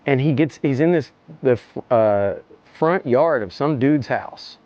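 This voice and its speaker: A man telling a story in a casual interview, animated, slangy and profane, often repeating himself. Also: mid-range voice, a little slow, muffled recording. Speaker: interview guest.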